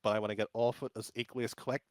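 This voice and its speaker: Talking rapid-fire in a lowish, level voice, this man from Ireland is an esports caster guesting on a podcast. The chat is casual and blunt, meandering with plenty of fillers and false starts. There's no room sound.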